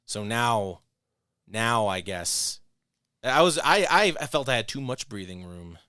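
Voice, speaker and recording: Bright, smooth-voiced man hosting a podcast. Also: medium pitch, sing-song, no room sound, studio quality. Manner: crude, joking, fast-spoken plugs. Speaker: podcast host. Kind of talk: casual chat.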